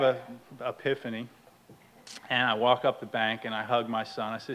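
A man sharing a humorous personal story at a recovery meeting, animated and laughing often. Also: mid-range voice, moderate pace, muffled recording. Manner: animated, laughs often, acts out his own outbursts loudly.

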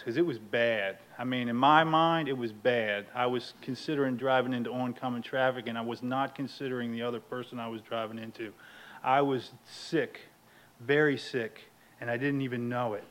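A man sharing his recovery story at a meeting, candid and self-deprecating, laughing often and moving between hushed and animated telling. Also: medium pitch. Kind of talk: personal storytelling.

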